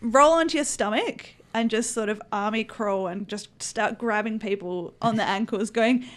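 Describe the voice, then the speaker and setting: A woman's voice: on the high side, moderate pace. A woman playing in a tabletop game, chatting playfully and giggling often. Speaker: player, guest. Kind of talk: casual tabletop game play.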